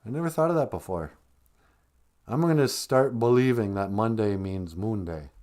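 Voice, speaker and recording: A live stream host from northern Minnesota chats casually, joking, rambling and laughing often. His voice sits on the low side, animated and a little mellow, at a moderate pace.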